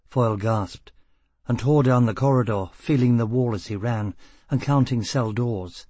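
Audiobook narrator: man, middle pitch, husky, dry close read. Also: normal speed, dark tone, no room sound.

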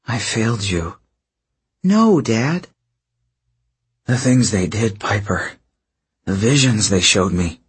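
A man reading as a shaken father in an audiobook, speaking low and hushed with a tremble. His voice drops below the narration and is rather husky. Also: lively intonation, slow pace, long pauses, heavily acted. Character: frail shaken middle-aged father.

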